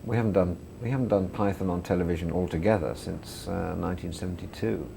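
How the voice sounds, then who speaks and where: A man's voice: low voice, fairly even intonation, quick pace, vocal fry, a crowd in the background. A man, a comedian and filmmaker chatting in an interview and laughing through his stories. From England. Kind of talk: interview anecdotes.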